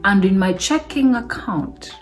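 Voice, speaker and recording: A woman recounts a personal story straight to camera in a relaxed, chatty vlog style. She speaks at a middle pitch and keeps the telling lively, laughing between remarks. Soft music plays faintly underneath. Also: a little slow. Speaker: vlogger. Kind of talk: casual storytelling.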